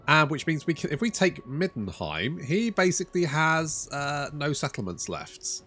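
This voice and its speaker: A man's voice: on the high side, sing-song, moderate pace, a bit bright. A man giving casual, rambling let's-play commentary over a strategy game, swearing freely and poking fun at himself. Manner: rambling, sweary, self-mocking. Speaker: gaming YouTuber.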